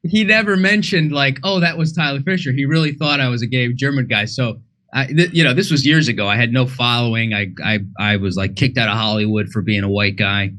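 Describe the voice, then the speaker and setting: A man's voice: mid-range voice, a little fast. A man, a comedian and impressionist, telling stories in a casual interview and slipping into voices. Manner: animated storytelling, slips into voices.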